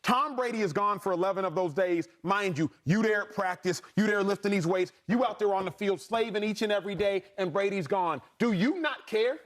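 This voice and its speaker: Man, high voice, sports debate host, argumentative, pointed questions. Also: a little fast, hardly any pauses, a bit bright.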